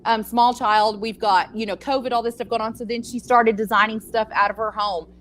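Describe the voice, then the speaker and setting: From California but speaking with a Texas accent, a middle-aged grandmother co-hosts a casual talk show. Her voice is fairly high, steady and a bit bright, a little fast, with some hiss or hum in the audio, and she chats in a rambling, easygoing manner, laughing readily.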